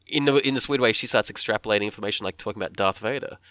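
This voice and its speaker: A man with a fairly low but bright, forceful voice, chatting casually about a film and jumping into voices to act out the characters' lines. The sound is dry and close to the mic, with no room around it. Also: rapid-fire, no echo.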